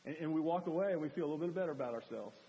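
A man preaching a sermon as a pastor, animated, acting out cries for help to make his point. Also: on the high side, rapid-fire. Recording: long hall reverb.

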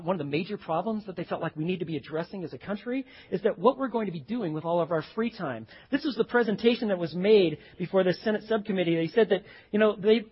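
A male pastor preaching a sermon, swinging from hushed lines to loud, acted-out quotes. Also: high voice, slightly rough. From Texas. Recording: dull lo-fi recording.

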